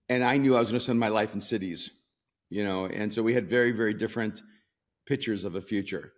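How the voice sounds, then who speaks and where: Low-voiced older man telling stories. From El Salvador. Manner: warm storyteller, laughs often, many ums and restarts. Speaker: pastor and author. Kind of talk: storytelling in a sit-down interview.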